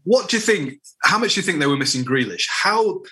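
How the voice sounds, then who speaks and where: A man's voice: sits high, expressive, brisk, bright, forceful tone. A man co-hosting a football podcast, rambling casually through his views and often restarting his sentences. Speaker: podcast co-host.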